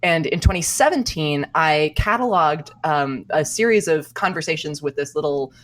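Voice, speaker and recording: A woman's voice: low voice, animated, moderate pace, slight background noise. A woman cartoonist as a podcast guest, talking candidly and thoughtfully about her work. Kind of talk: reflective interview talk.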